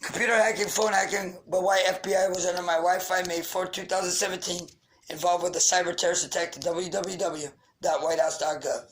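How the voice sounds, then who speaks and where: A man's voice: sits high, flat delivery, fairly quick, slight background noise, low-quality recording. A man rants into the camera, angry and accusatory. He fires off grievances and insults in a raw, unscripted monologue. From Queens, New York. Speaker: vlogger. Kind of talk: ranting monologue.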